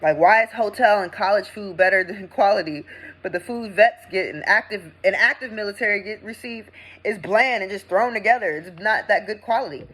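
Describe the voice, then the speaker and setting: A young woman and veteran, ranting with indignation in a vlog, swinging between loud outbursts and low mutters. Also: brisk, slightly rough, poor audio. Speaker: veteran vlogger. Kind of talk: impassioned vlog rant.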